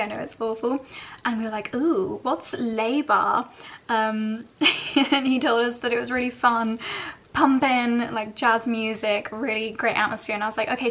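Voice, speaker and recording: Woman in her 30s, fashion vlogger, fairly high voice, gushing and giggly. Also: a bit bright. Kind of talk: chatty vlog to camera.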